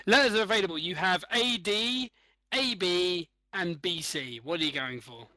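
A male podcast host sets up comedy challenges in a playful game-show manner. His voice sits high and bright, and it is recorded dry and close. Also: normal speed, dry recording, poor audio.

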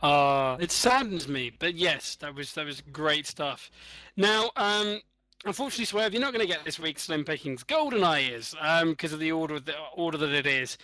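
A male podcast host sets up comedy challenges in a playful game-show manner. His voice sits high and bright, and it is recorded dry and close. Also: animated, moderate pace, no room sound, low-quality recording.

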